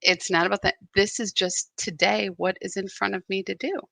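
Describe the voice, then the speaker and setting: A woman's voice: mid-range voice, fairly even intonation, moderate pace, vocal fry, fairly bright tone, dry recording. A woman spiritual guide giving a live meditation talk, telling a candid story that turns reflective.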